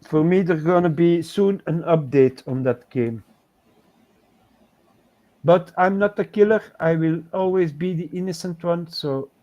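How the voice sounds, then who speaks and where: Male co-host, patient painting coach, casual stream chat, voice sits a touch high. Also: measured pace, darkish tone, muffled recording. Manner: patient, step-by-step instructing.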